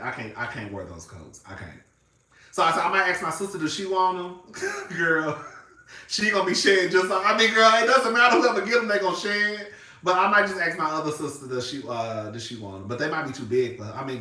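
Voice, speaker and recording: Bright-voiced man, chatty, in echoey room. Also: a little high, far from the mic. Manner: chatty, calls everyone girl, swears freely; swings between loud and quiet. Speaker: reality TV reviewer. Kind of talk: casual chat to camera.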